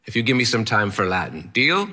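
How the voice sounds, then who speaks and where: A man voicing an eccentric old male Latin teacher with an odd, theatrical accent, gruff but kind. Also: fairly low pitch, very animated, fairly quick, pushed and bright, exaggerated voice. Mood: encouraging.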